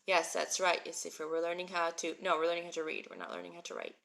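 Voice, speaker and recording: A woman's voice: on the low side, little pitch movement, quick pace, creaky, fairly bright tone. A woman in her thirties teaching a live Hebrew reading class, chatting with viewers and answering them by name. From moved to Israel as an adult. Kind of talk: live-stream lesson, reading viewer comments.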